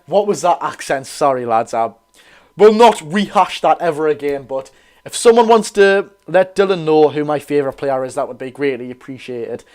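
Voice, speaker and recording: This Geordie host has a fairly high-pitched, a little mellow voice as he leads a live watch-along of a football match. He chats through the action, fixes his own slips, and welcomes people watching.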